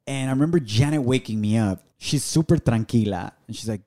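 A man co-hosting a podcast, telling a family story in casual chat, in words and acting out quotes in a high, excited voice. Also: fairly quick. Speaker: podcast co-host.

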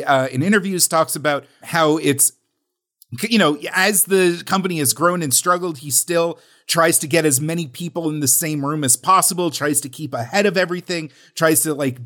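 Male co-host, slightly high voice, casual filler-heavy chat with a loose mouth. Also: fairly bright tone. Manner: loose, swears casually, uses many fillers. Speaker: podcast co-host.

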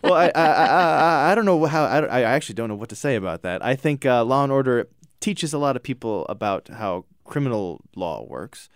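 Guy on a podcast, laughs a lot, pitch jumps all over, dry close sound. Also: fairly quick, smooth, dry recording. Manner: laughing, animated storyteller. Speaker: podcast guest. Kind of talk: casual chat.

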